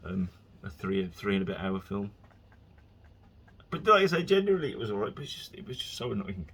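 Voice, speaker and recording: A man's voice: on the low side, brisk, slightly rough. A man hosting his own podcast, rambling casually from topic to topic and slipping into exasperated rants. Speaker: podcast host.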